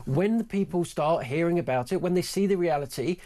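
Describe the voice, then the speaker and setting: A man's voice: fairly high pitch, a little fast, mellow. A man debating on a talk radio show, making emphatic, insistent points. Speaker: guest commentator.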